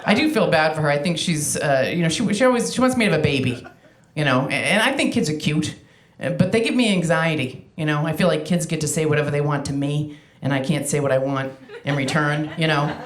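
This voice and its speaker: A woman from Massachusetts doing a chatty, self-deprecating stand-up set, full of quick asides and restarts. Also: low voice, lively intonation. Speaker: stand-up comedian. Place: comedy club stage with live audience. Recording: roomy club sound with crowd laughter. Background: audience laughter.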